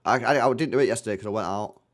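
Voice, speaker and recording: Guy on a footy watchalong stream, blunt and slangy, swears a lot, middle pitch voice. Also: rapid-fire. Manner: blunt, slangy, swears freely, reacts to play. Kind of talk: live match reaction stream.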